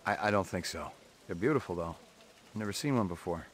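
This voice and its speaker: An actor playing a terse, wary male detective in a video game, asking clipped, flat questions. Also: deep voice, a little fast. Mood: dry.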